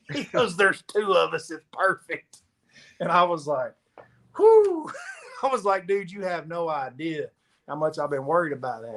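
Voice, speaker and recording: A man, a professional angler, telling a story in casual chat and acting out the dialogue as he goes. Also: fairly high pitch. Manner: animated storyteller, acts out quoted dialogue. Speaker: pro angler guest.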